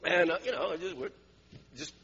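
A man's voice: fairly high pitch, expressive, moderate pace, creaky, fairly bright tone, husky, long reverb tail, highs cut off. A man preaching a sermon, telling stories with frequent chuckles and repeated words. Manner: storytelling, laughs often, repeats words. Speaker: pastor.

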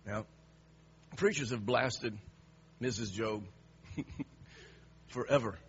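A man preaching a sermon, dropping to hushed lines and then rising to emphatic, raised passages. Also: mid-range voice, takes it slowly, muffled recording, slight background noise.

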